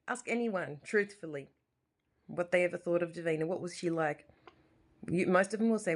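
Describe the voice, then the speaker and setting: This Australian vlogger in her forties has a lowish voice, a moderate pace and frequent pauses. She addresses the camera from her living room in a rambling, repetitive and deeply emotional personal monologue.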